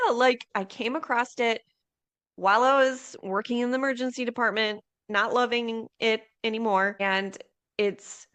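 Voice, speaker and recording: A woman farmer guesting on a podcast talks in a relaxed, blunt and candid way. She speaks at an unhurried pace, with a middle-pitched voice. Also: clear, resonant tone. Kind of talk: casual interview chat.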